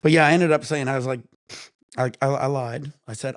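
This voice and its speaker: A man hosting a relaxed vlog, rambling and swearing freely in casual chat while high. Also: brisk, dry recording, studio quality. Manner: rambling, profane, laid-back. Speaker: vlog host.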